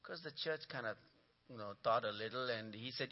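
A man's voice: medium pitch, brisk, lo-fi sound. A man preaching as a guest speaker in a church, telling jokes and calling out to the congregation. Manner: animated storytelling with punchlines and congregation call-and-response. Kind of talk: sermon. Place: church sanctuary.

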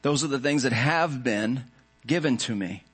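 Man, pastor, sermon, earnest, reflective, measured phrasing, medium pitch. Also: a bit bright, husky.

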